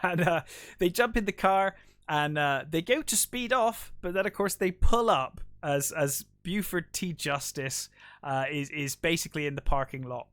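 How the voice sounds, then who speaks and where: A man's voice: on the high side, moderate pace, a bit bright, no echo. A man co-hosting a film podcast, casually retelling scenes and acting out the characters' lines with lots of fillers. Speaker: podcast co-host. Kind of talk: casual film review chat.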